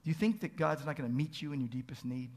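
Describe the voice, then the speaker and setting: A man's voice: medium pitch, quick pace, darkish tone. A man preaching a sermon as pastor, earnest, asking pleading rhetorical questions and building to emphatic peaks.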